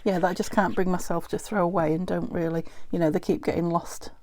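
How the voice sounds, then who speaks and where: A woman's voice: fairly low pitch, fairly even intonation, fast talker, a little mellow. A woman from the UK chatting casually as she works at her craft desk at home, thinking aloud and talking to herself, a little out of breath. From United Kingdom. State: breathing heavily. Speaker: crafting video host.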